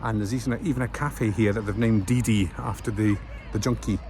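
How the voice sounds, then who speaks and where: A man's voice: on the low side, fairly even intonation, a little fast. Scottish man vlogging on rainy streets. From Scotland. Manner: chatty, rambling with frequent fillers. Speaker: travel vlogger. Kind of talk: casual walking vlog narration. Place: outdoors in town streets and station, rainy. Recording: outdoor vlog with clear street noise.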